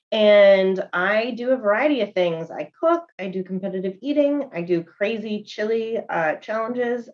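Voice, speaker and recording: A woman speaking as a guest in a casual chat, friendly and upbeat. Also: medium pitch. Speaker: guest competitive eater. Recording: dull lo-fi sound.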